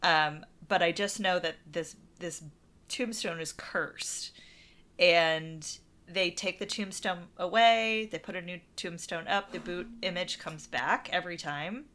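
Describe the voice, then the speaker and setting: A woman's voice: lowish voice, a little slow, fairly bright tone. An American woman co-hosting a podcast, chatting casually in a playful, teasing way. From USA. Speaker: podcast co-host. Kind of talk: casual chat.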